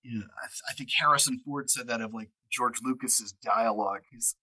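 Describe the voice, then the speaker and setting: A male audiobook narrator chatting as a guest, with a mid-pitched everyday voice. He tells stories in loose, looping sentences, and he falls into the voices of the people he quotes. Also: brisk, bright, forceful tone, slightly rough, no room sound, low-quality recording. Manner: rambling storyteller, acts out quoted exchanges. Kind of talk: casual interview chat.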